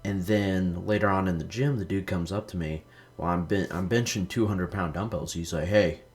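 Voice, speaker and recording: A man's voice: low-pitched, steady tone, brisk. A young man hosting a gaming video, chatting casually and telling rambling stories, swearing a lot and saying "like" often. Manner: rambling storytelling, heavy swearing, lots of "like". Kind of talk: casual gameplay commentary.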